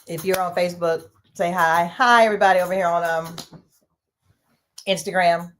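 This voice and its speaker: A woman with a slightly low voice hosts a casual livestream from a small home studio. She chats loosely and warmly with the viewers, talking directly to them. Her delivery stays relaxed and conversational. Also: normal speed. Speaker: host.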